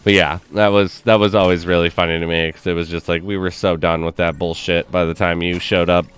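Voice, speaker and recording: Guy streaming, low voice, smooth, going on and on with 'like' every few words. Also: level tone, brisk. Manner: rambling, peppered with 'like'. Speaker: stream host. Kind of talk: casual storytelling on a livestream.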